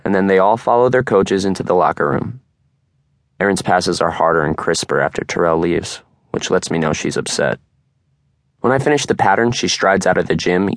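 A young man narrating an audiobook in the first person, calm and steady in a close studio recording. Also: sits low, no echo.

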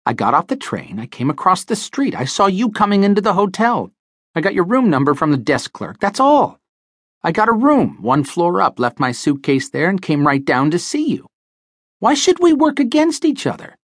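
A man voicing a wiry, chipper aging male small-time crook in an audiobook, rusty and quick to take offense. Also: big pitch swings, no room sound, studio quality. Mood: wheedling. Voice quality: rusty, nasal, high. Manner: wheedling and easily offended. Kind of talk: audiobook character voice.

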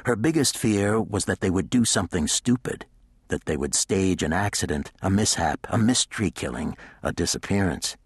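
Deep, husky male audiobook narrator. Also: expressive, normal speed, dry recording, clean studio sound. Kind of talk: scripted narration.

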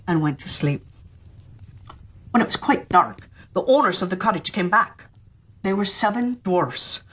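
A middle-aged woman narrating a children's fairy tale audiobook as a storyteller, expressive and acting out the voices. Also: mid-range voice, husky.

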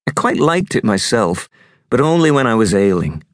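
A man narrating an audiobook in an unhurried, expressive storytelling manner. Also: fairly low pitch, no echo, studio quality.

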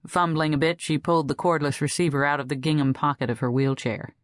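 A woman narrating an audiobook in a steady, even storytelling manner. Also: low-pitched, fast, no room sound, clean studio sound. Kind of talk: scripted narration.

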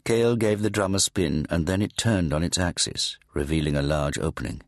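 A man narrating an audiobook in a measured, grave storytelling manner, on a close studio mic. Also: deep voice, no echo. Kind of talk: scripted narration.

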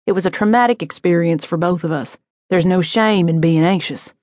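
A calm male detective who keeps pressing in a gentle, sympathetic-sounding way, as a woman reader voices him. The tone sits low and even, and the reading is dry and close, with no room around it. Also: brisk, dry recording, close to an everyday voice. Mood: coaxing. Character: calm, probing adult male police detective.

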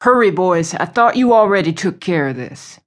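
Woman voicing a gruff, angry cowboy. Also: on the low side, animated, normal speed, close to an everyday voice. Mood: bossy. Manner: gruff and curt. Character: stern, angry young man, boss of the ranch.

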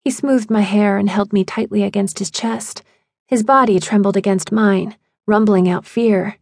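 A woman narrating a first-person audiobook in an emotional, expressive way on a studio mic. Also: mid-range voice, normal speed, vocal fry, no room sound.

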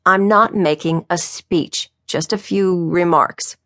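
A woman's voice: fairly low pitch, takes it slowly, a bit bright, dry recording, studio quality. A woman doing a grumbling, nervous police chief. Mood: irritable. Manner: gruff and grumbling. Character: nervous, irritable middle-aged male police chief.

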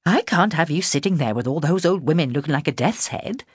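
Woman reading old farm wife, sixties, brisk country talk, lively pitch, husky. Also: no echo, clean studio sound. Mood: irritable. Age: 60s. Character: fussing elderly farmer's wife, brisk and kindly.

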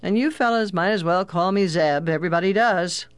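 A narrator voicing a lean, weathered mountain man who speaks in a raspy, low, curt and guarded way. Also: fairly quick, close to an everyday voice. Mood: gruff.

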